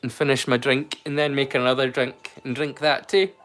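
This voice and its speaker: A man's voice: mid-range voice, little pitch movement, moderate pace, a bit bright. A Scottish man hosting a live stream, chatting casually and ramblingly with viewers and swearing now and then. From Scotland. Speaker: live-stream storyteller host.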